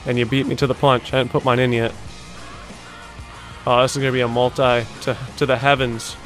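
Young man, gaming reaction host, casual, excitable, profane, average pitch. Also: fairly quick, faint music behind. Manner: excitable, swears a lot, bursts of disbelief. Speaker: host reacting to video-game montages.

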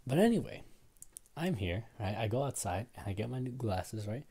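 A man's voice: medium pitch, very animated, normal speed, mellow, breathy edge. A young man hosting a casual solo podcast, telling a rambling, self-deprecating story and tagging his sentences with "right?". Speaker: podcast host.

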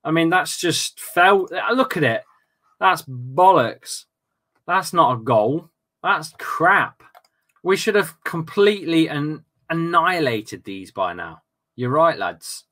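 Man, football watchalong host, animated outbursts, swearing, bright tense tone, slightly high voice. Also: slow. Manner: casual banter with friends. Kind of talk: excitable live match commentary.

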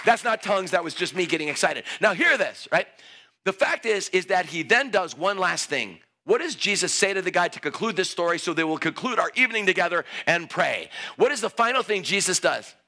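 A man preaching a sermon, telling a story, laughing and rising to shouts. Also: sits high, expressive, a little fast. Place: church hall.

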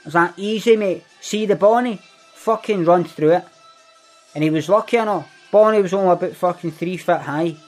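A man's voice: high-pitched, normal speed, faint music behind, natural voice. A man with a Glaswegian Scottish accent playing a swaggering, foul-mouthed young Glasgow ned, boasting in a comic monologue. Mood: boastful. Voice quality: heavy swearing, boastful storytelling. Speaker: comedy monologue character. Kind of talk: scripted comedic monologue.

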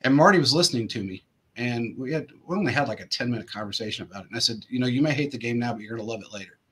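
Male host rambling thru old stories, husky voice, kinda bright and pushy tone. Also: medium pitch, rapid-fire. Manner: rambling anecdotes with many fillers and restarts. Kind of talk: casual storytelling chat.

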